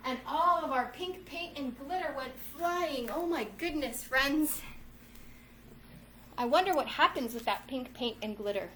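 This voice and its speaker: At a measured pace, a woman with a high-pitched, fairly bright voice reads a story aloud and walks kids through yoga poses at home. She's a cheerful, encouraging children's yoga instructor who calls them "friends." The audio, from a distant mic, sounds roomy with faint ambience and slight background noise.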